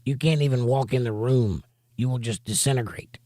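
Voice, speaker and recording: A man's voice: mid-range voice, normal speed, mellow, dry recording, clean studio sound. A man teaching a Bible study, reading scripture aloud and breaking off for emphatic, rhetorical commentary. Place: home studio for a livestream.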